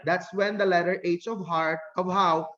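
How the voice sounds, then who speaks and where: A man's voice: high-pitched, steady tone, moderate pace, fairly bright tone, muffled recording. A man teaching an English grammar lesson, blunt and lecturing, who corrects himself mid-sentence and acts out students' questions.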